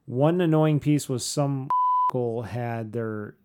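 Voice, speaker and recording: A middle-aged man, co-host of a podcast, telling a story casually, animated and self-mocking, with frequent swearing. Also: medium pitch, slow pace, clean tone.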